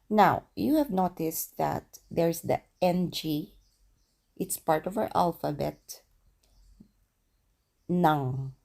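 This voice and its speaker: Filipino accent woman teaching words, slow and low, bit of vocal fry. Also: mellow. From Philippines. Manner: slow, repeats words for practice. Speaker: language teacher. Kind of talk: casual language lesson.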